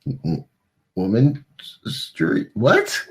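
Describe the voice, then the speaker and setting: A man's voice: medium pitch, huge pitch swings, extremely slow, vocal fry, slightly rough. A young man co-hosting a podcast in casual chat, rambling and laughing a lot. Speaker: podcast co-host.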